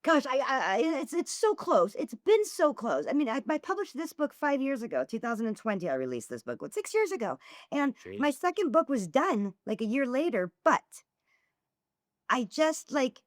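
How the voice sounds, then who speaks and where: A woman's voice: normal speed, no echo, studio quality. A middle-aged woman, a podcast guest and author, talking candidly and acting out the people in her stories with big swings of her voice. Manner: animated storyteller, acts out dialogue with big pitch swings. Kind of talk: candid interview conversation.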